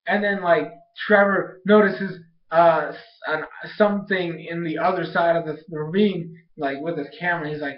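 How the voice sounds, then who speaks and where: An excitable young man with a high voice rambles through a casual episode recap and jumps up in pitch to act out quotes. He sounds like he is in a bare, echoey room. The recording is dull and lo-fi. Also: brisk. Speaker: video reviewer.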